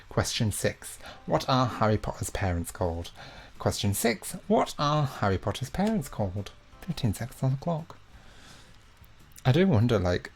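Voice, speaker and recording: A man's voice: medium pitch, gravelly. A young man hosting a live online quiz, reading each question twice and filling the gaps with chatty, self-mocking asides. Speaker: quiz host.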